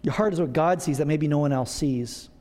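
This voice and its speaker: A man's voice: on the high side, fairly quick, warm tone, big-room sound. A middle-aged man preaching a sermon to his congregation in a conversational, self-deprecating way, with asides of humor. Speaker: pastor. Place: church sanctuary.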